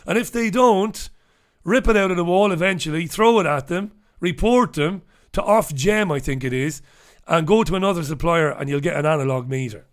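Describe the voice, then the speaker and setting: Blunt, swearing middle-aged newspaper host. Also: male voice, on the high side, moderate pace. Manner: blunt, swears freely, chatty asides. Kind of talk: casual opinionated commentary.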